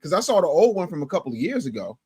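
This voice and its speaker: Animated male livestream host. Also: rapid-fire, slightly rough. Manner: animated, swings from loud to low and muttered; emphatic, repeats phrases for effect. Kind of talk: casual livestream commentary, reading chat.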